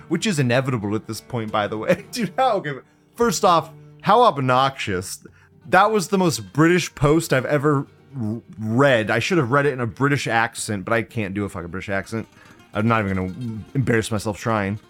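A man hosting a live stream, chatting casually and sarcastically, swinging between loud outbursts and low mutters. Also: animated, moderate pace, soft background music. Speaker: livestream host.

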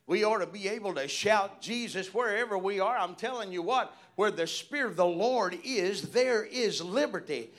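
A man preaching a sermon, swinging from hushed, drawn-out lines to shouted, fervent calls. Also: high voice.

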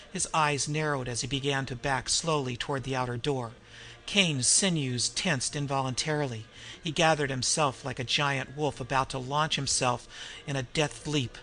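A man narrating an audiobook in a steady, dramatic reading. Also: mid-range voice, poor audio.

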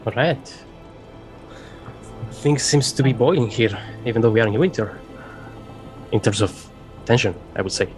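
A man's voice: medium pitch, moderate pace, long pauses, darkish tone, faint music behind. A man playing in a tabletop game, hesitantly thinking aloud about his character's actions. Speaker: player.

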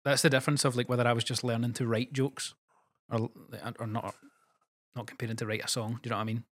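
Man, podcast co-host, brisk and chatty, mid pitch. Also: flat delivery. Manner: quick, chatty, hedging with fillers. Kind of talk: casual chat.

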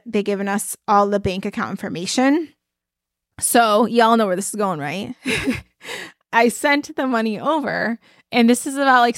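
Chatty woman coach, bright and dry. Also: a little high, no room sound. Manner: chatty storytelling, addresses listeners as y'all. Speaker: podcast host and life coach. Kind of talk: casual motivational talk.

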